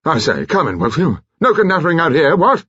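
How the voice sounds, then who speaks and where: Blustering retired commander, clipped and gruff, voice pushed up, as a man plays him. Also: fairly high pitch, sing-song, a little fast, a bit bright, no room sound, dull audio, voice pushed up, exaggerated voice. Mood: startled.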